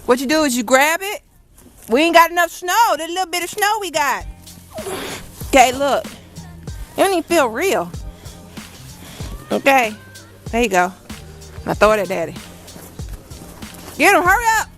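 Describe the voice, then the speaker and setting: A woman's voice: high voice, big pitch swings, unhurried, pauses often, a bit bright, faint music behind. A young mother filming her family in a snowy backyard, talking casually and teasing the kids with lots of laughter. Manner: playful, teasing, laughing often. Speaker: vlogger, mother.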